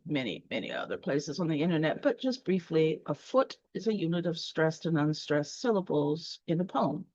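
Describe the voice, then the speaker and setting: Woman explaining poetry rhythm, lowish voice, dry dull lo-fi sound. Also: vocal fry, dry recording. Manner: explanatory, speaks in fits with fillers and restarts. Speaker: poetry teacher. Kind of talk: online lesson.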